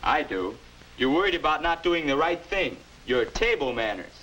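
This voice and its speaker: A man's voice: on the high side, very animated, moderate pace, bright, forceful tone, rough recording. A man playing an earnest young future self who lectures on manners in a 1950s educational film, heard through an old soundtrack with hiss. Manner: earnest, instructive.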